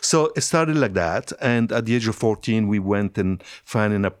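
An older man with a French accent tells his story in a very low voice. He talks freely, restarting phrases and laughing easily. The sound is close and dry. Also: expressive, normal speed, dry recording. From France. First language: Italian and French. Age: 70s. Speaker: hairstylist guest. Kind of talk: conversational interview.

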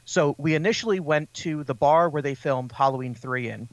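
Podcast co-host, male, slightly high voice, dry close mic; animated, rambling storyteller. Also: moderate pace, dry recording. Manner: rambling, animated anecdote-telling with laughter. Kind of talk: casual chat.

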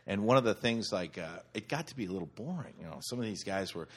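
A man's voice: fairly low pitch, lively intonation, fast, slightly rough. A man from Wisconsin telling stories in a casual chat, often laughing and acting out the people he quotes. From Wisconsin, USA. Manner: laughing storyteller who swears and acts out people he quotes. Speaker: storyteller in group chat.

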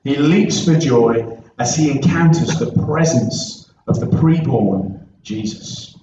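A pastor with a medium-pitched, expressive voice speaks slowly, giving an earnest, conversational sermon that opens with a prayer. He is in a church sanctuary, recorded from far off, so the sound is echoey and dull with background noise.

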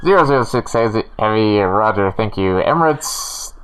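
A man reading out an air traffic controller's radio calls from a transcript, with brisk radio phrasing. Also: fairly low pitch, lively intonation, a bit bright. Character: adult male airport tower controller.

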